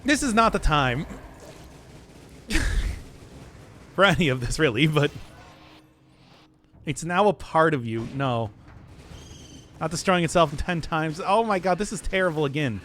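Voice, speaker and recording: Male game streamer: high, animated voice, giggly self-mocking banter. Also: measured pace, pauses often, slight background noise. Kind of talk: casual gaming commentary.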